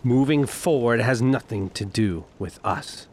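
A man voicing a grim young noble who is burdened and brooding, speaking low and measured in a tabletop game. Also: animated, darkish tone, slightly rough. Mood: grave.

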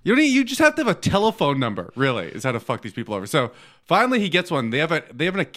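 A man's voice: fairly high pitch, wildly swooping pitch, racing, a bit bright. A man co-hosting a podcast, telling rambling stories in casual chat and swearing freely. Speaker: podcast co-host.

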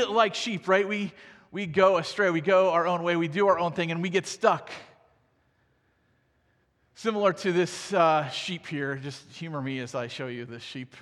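A male pastor delivers a sermon in an easy, conversational manner, punctuating his points with rhetorical asides to his listeners. His voice sits high for a man. The sound carries the long reverb of a large hall. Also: unhurried, long pauses, fairly bright tone. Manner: conversational preaching with frequent "right?" asides.

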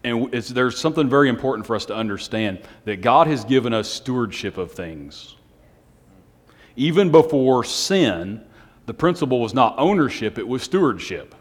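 A man preaching a Sunday night sermon, speaking in a self-described monotone with joking asides to the congregation. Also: mid-range voice, normal speed. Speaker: pastor. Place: church hall on a Sunday night. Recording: long hall reverb.

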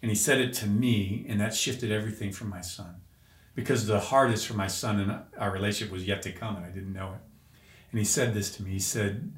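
A man's voice: lowish voice, fairly even intonation, brisk. A man telling an emotional personal story as a podcast guest, earnest and searching, with restarts. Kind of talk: personal testimony in an interview. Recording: roomy echo.

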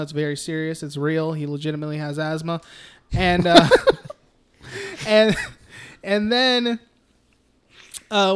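A man's voice: fairly high pitch, fairly bright tone, clean tone. Casual man recapping film scenes. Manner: swears casually, recaps scenes, acts out characters in quick voices. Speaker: podcast co-host. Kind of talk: casual film podcast chat.

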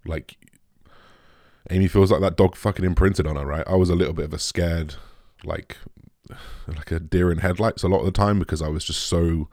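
Talking openly to his camera, a young vlogger sounds emotionally shaken, his sentences halting, restarting, and trailing off amid frequent swearing. His very deep, low voice stays steady and a little mellow, captured close and dry without any echo or room sound.

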